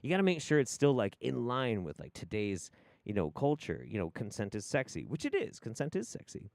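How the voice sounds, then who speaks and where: A man hosting a livestream who gives profane, rambling, animated commentary. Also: mid-range voice, fairly quick, creaky, no echo. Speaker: livestream host.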